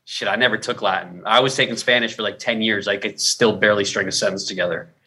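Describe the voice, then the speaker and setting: A man's voice: lowish voice, fairly even intonation, quick pace, pushed and bright, slightly rough. A man co-hosting a podcast, protesting defensively while being teased. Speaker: podcast co-host, actor. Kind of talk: casual podcast banter.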